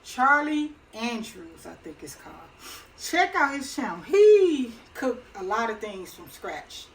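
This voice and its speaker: A woman's voice: on the high side, big pitch swings, measured pace, slight background noise, low-quality recording. Chatty woman cooking in a home kitchen. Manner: chatty, folksy, laughs easily. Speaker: home cook and channel host. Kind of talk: casual cooking demonstration.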